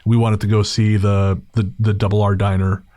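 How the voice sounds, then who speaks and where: A man hosting a podcast, telling a long story in a relaxed, digressive way and correcting himself as he goes. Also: on the low side, moderate pace, no room sound, clean studio sound. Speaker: podcast host. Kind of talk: casual storytelling.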